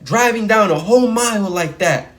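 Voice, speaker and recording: A man's voice: high-pitched, animated, moderate pace, fairly bright tone, voice pushed up. A man voicing an aggressive male police captain who barks accusations at a driver. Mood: angry. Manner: barking, accusing.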